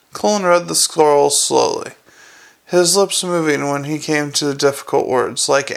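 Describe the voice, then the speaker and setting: A male audiobook narrator reading a story in an even, measured way. His voice is gravelly and a touch high.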